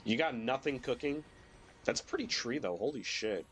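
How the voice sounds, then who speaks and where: A man's voice: mid-range voice, animated, moderate pace, fairly bright tone, slight background noise. A young man streaming a video game while sick, rambling casually with lots of fillers and the odd swear, his voice cracking at times. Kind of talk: casual gameplay commentary.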